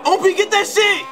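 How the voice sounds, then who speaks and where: A man doing casual, excitable commentary over a baseball video game, swearing and trash-talking his own players. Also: very high voice, slight background noise. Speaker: gaming YouTuber.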